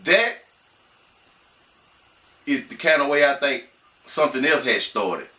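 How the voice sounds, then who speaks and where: A man who runs a small channel, reading news aloud and commenting casually, talking to viewers in a folksy way and slowing and halting as he reads. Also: mid-range voice, lively intonation, bright, forceful tone. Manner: folksy, talks straight to viewers as "y'all". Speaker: small YouTuber. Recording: echoey room, mic at a distance.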